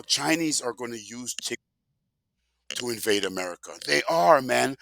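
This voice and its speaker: A man's voice: mid-range voice, vocal fry, bright, forceful tone, no echo. An older man ranting sarcastically in a casual monologue, emphatic and rambling, full of rhetorical questions. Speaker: vlogger.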